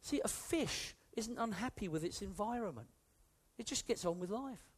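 In this sermon, a male preacher with a high, slightly rough voice uses lively intonation that jumps up and down, speaking at a moderate pace. He stresses his words, repeats the same phrases again and again, and puts direct questions to the audience.

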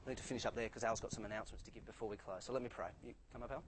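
A man's voice: fairly low pitch, steady tone, rapid-fire, few pauses, slightly rough, poor audio. A man preaching a sermon in a church, earnest and emphatic, often repeating words to stress a point.

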